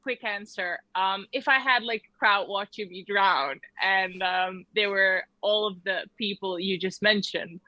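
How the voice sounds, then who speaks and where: A woman's voice: medium pitch, unhurried, hardly any pauses, sharp tone, dry recording, rough recording. A woman speaking as a guest on a casual panel chat, hesitant, with many fillers and restarts.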